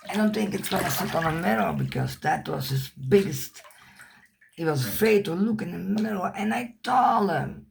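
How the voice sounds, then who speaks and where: Dutch-speaking woman, husky and gravelly, candid rambling storyteller who curses freely. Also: on the low side, sing-song, moderate pace. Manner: candid, rambling, swears casually, searches for English words. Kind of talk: personal storytelling to camera.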